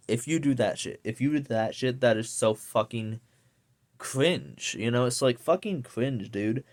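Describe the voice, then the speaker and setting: A man's voice: medium pitch, expressive, unhurried. A young man ranting casually to camera, rambling and swearing with lots of fillers. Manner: profane, rambling, many fillers. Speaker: vlogger.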